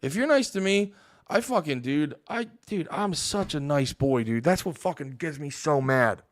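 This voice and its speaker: A man's voice: fairly high pitch, expressive, normal speed, no room sound. A young man hosting a livestream, ranting and swearing heavily as he talks back to his chat. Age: young adult. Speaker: livestream host. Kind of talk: casual stream commentary reacting to chat.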